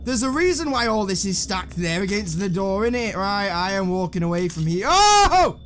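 A man's voice: high voice, a little fast, a little hiss or hum. A man giving jumpy, sarcastic, swearing commentary while playing a horror video game. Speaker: gaming channel host.

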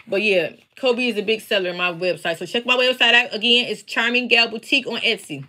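A woman's voice: a little high, fairly quick, pushed and bright. A woman chatting casually on a live stream from her basement, talking straight to her viewers as she shows off her embroidered patches. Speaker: craft seller and teacher. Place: home basement.

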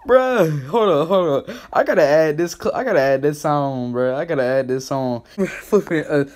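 A man's voice: fairly high pitch, animated, normal speed, a little mellow. A man doing reaction commentary, roasting another creator in loose slang and laughing often.

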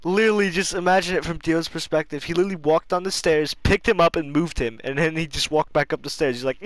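A young man chatting casually with a friend, giggling constantly, swearing freely and breaking into loud laughing shouts. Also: a little high, fast talker, hardly any pauses, no room sound. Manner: crude, swears a lot.

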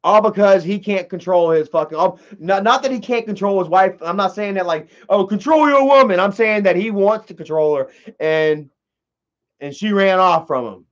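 A young man hosts a loose, profane commentary in a rambling, excitable way. His voice sits high for a man. The recording is dull and lo-fi. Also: moderate pace. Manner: rambling, heavy swearing, excitable. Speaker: commentary host.

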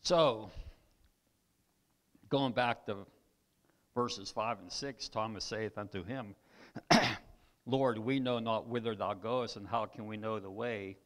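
A man preaching a sermon as pastor, his voice tired and weakening, who clears his throat, reads scripture aloud and repeats lines for emphasis. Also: lowish voice, slow pace, pauses often, a bit bright. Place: church.

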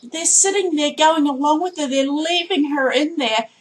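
A woman's voice: high voice, normal speed, rough recording. A woman vlogging a heated political rant, indignant and emphatic, hammering her points by repeating them. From Australia.

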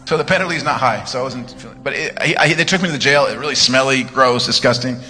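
A man preaching a live church sermon, telling stories with joking asides and sudden shouted commands. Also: mid-range voice, fast. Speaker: guest preacher. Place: church sanctuary. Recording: live church sermon, reverberant hall, music underneath.

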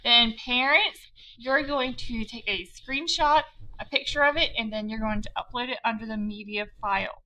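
A woman teacher giving a slow, patient writing lesson to young children, spelling words out letter by letter. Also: fairly high pitch, pushed and bright, poor audio.

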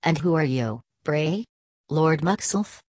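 A woman's voice: deep voice, lively intonation, slow pace, a little mellow, dry recording, studio quality, full character voice. A woman voicing a stern, sarcastic male factory gatekeeper who talks with scorn.

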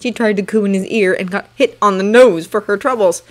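A woman reading a fanfiction story aloud in steady storytelling narration. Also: mid-range voice, fairly quick. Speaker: fanfiction reader. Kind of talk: audiobook narration.

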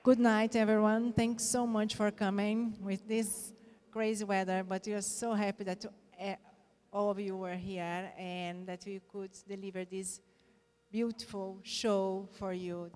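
A woman organizer thanks the audience at a live event in a voice of ordinary pitch. She speaks gratefully, laughing now and then and filling pauses with little fillers. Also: little pitch movement, darkish tone, big-room sound. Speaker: show organizer. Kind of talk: live thank-you speech. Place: event hall.

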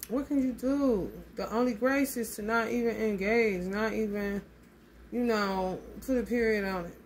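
A woman's voice: a little high, moderate pace, slight background noise. A woman giving a casual tarot reading in a blunt, emphatic way, swearing freely and calling her listeners honey. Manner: emphatic and animated. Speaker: tarot reader.

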